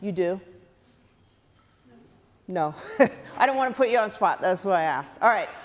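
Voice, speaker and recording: A woman clinician coaching a student wind band in rehearsal, lively and full of questions to the players. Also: lowish voice, a little slow. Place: large theatre stage. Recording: long hall reverb.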